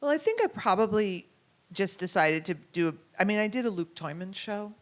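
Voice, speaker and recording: A woman's voice: mid-range voice, very animated, normal speed. Reflective American woman curator. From United States. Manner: reflective, thinks aloud with fillers and restarts. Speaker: curator and writer, guest. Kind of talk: conversational interview talk.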